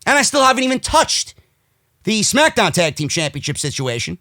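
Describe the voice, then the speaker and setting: A man's voice: high-pitched, sing-song, normal speed, pushed and bright, no room sound, clean studio sound. A man hosting a wrestling podcast, ranting with profane, sarcastic, heated commentary.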